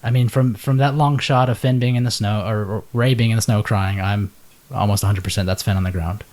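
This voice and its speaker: A podcast co-host speaks briskly with a lowish, steady, slightly mellow voice. His casual chat is laid-back and rambling, and he laughs often.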